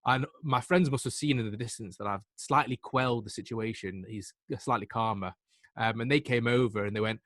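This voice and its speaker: A man in his twenties with a Mancunian accent, a podcast guest telling stories in a lively, self-deprecating way. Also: fairly low pitch, a little fast, no echo, clean studio sound. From Manchester, England. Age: 20s. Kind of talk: casual anecdotal storytelling.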